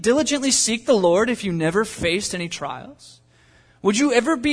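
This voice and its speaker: Guy preaching, pretty high voice, chatty then fired up, long hall echo. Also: a bit bright. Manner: conversational preaching, rising to impassioned pleas. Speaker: pastor. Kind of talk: sermon.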